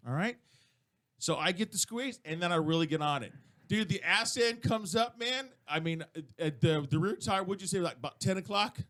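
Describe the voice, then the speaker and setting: A middle-aged man telling a story in a casual radio chat, animated and swearing freely. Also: high voice, moderate pace. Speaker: co-host telling a riding story.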